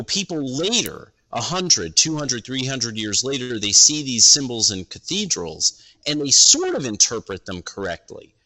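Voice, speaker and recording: A man in casual podcast talk wanders through his ideas, stopping and starting as he goes. His voice has a bright, forward edge. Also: mid-range voice, rough recording. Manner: rambling, halting, restarting thoughts.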